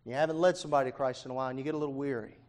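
A man preaching a sermon with fervour, moving between hushed, intimate passages and near-shouts, with many "uh" fillers between phrases. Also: mid-range voice, fairly even intonation, rapid-fire. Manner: frequent "uh" fillers.

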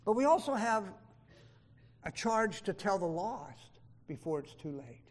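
A man preaching a sermon, emphatic, swinging from loud declarations to hushed asides and reading scripture in old-style wording. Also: high voice, big pitch swings, a little slow. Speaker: pastor.

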